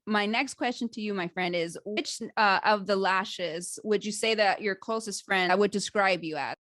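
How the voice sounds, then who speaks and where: A woman hosting a podcast interview in a casual, chatty way, enthusiastic and animated, laughing easily. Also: medium pitch, moderate pace, dry recording, studio quality. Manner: self-described dramatic storyteller. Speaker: podcast host.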